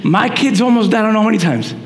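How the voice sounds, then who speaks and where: A male pastor preaching a sermon, animated, with shouted peaks and quick asides to the congregation. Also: high-pitched. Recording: echoey hall reverb, faint noise.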